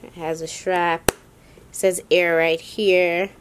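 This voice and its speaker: Chatty lower-voiced woman vlogger. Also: level tone, slow, background noise. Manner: chatty, rambling, slangy ("yo", "y'all"). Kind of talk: casual sneaker haul vlog.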